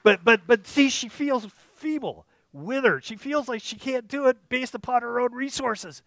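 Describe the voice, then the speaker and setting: High-voiced man preaching conversationally. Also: normal speed, fairly bright tone, dry recording. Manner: conversational preaching, frequent restarts and rhetorical "okay?" checks. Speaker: pastor. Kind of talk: sermon. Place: church service.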